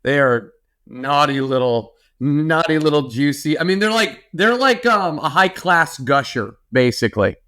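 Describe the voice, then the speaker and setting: Animated young man chatting on a podcast. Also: a little high, a little slow. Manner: animated, playful, lots of filler words. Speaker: podcast co-host. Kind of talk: casual chat.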